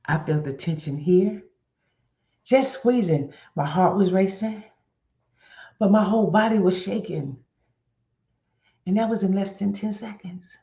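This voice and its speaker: Animated woman coaching live viewers. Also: medium pitch, a little slow, long pauses, roomy sound, dull audio. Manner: animated, talks straight to viewers, calls on them by name. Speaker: faith-based wellness host. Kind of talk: live-stream coaching talk.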